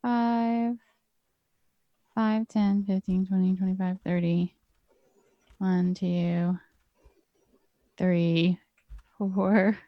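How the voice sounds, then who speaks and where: A woman's voice: medium pitch, a little mellow, no room sound, lo-fi sound. A woman playing a tabletop game, chatty and playful, counting her moves aloud. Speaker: player.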